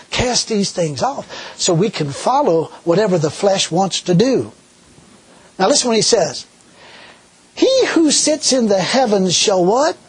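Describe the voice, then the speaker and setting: Raspy, high-pitched animated preacher. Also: male voice. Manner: animated, folksy preaching with rhetorical questions. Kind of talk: sermon.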